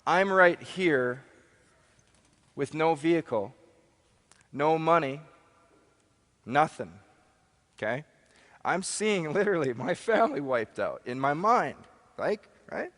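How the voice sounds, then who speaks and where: A man's voice: fairly high pitch, very animated, takes it slowly, long pauses, fairly bright tone. A man giving a live motivational seminar talk, emphatic, repeating key phrases and putting questions to the audience. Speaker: motivational speaker. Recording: long hall reverb.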